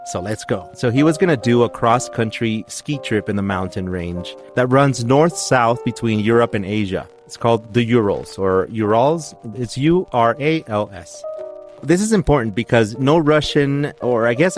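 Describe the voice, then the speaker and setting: A man's voice: mid-range voice, lively intonation, moderate pace, over music. A man hosting a podcast, telling a mystery story in a rambling, chatty way, often correcting himself mid-sentence. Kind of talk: casual storytelling chat.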